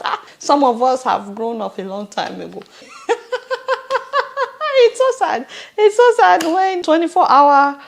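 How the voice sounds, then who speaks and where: A woman with a Nigerian accent hosting casual political commentary, teasing and animated, laughing often. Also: high voice, measured pace, creaky, pauses often. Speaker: commentary host.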